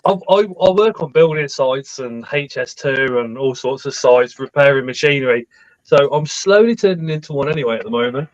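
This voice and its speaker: A man's voice: mid-range voice, animated, moderate pace, dry recording. A chatty man with a Liverpool accent hosts a casual live stream, reading out viewer comments between remarks. His voice comes through a muffled, lo-fi mic in a dead, dry space. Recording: dull, dry lo-fi webcam mic.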